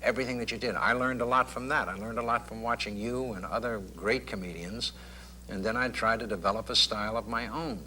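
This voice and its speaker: A middle-aged man with a very bright, sharp voice recounts his career as a comedian, thoughtful and anecdotal. Faint hiss and hum sit under him, as on an old broadcast tape. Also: on the low side, a little fast. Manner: thoughtful, anecdotal, with clipped impressions. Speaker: comedian guest. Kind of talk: talk show interview.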